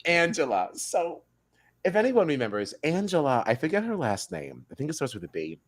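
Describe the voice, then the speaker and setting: A man's voice: a little high, brisk, gravelly. A man co-hosting a podcast, animatedly telling stories and acting out quotes in casual chat. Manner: animated storytelling, acts out quotes. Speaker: podcast co-host. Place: Midtown Manhattan.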